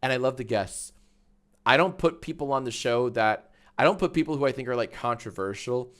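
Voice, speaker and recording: A man's voice: mid-range voice, fairly quick, fairly bright tone. A man chatting casually on a live stream, rambling and swearing as he reads out the chat.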